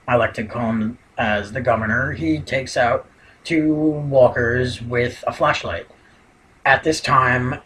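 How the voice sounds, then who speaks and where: A man's voice: medium pitch, fairly bright tone, rough recording. A man giving a casual spoken recap of a TV episode, rambling and leaning heavily on "you know" fillers. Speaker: TV episode reviewer.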